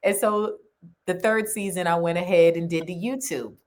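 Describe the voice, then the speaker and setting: A woman author and podcaster, a guest on an interview show, telling her story in a casual, animated way and laughing often. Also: fairly low pitch, normal speed.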